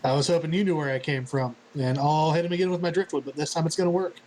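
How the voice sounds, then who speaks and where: Fast-talking, higher-voiced man player. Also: steady tone, darkish tone, slight background noise, low-quality recording. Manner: quick, joking, eager. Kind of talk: casual tabletop play.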